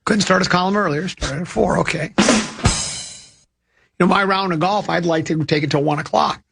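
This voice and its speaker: Older male radio host, high-ish gravelly voice, rambling anecdotal chatter. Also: moderate pace, fairly bright tone, faint music behind. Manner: rambling, with many restarts and self-amused asides. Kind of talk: casual radio chat and storytelling.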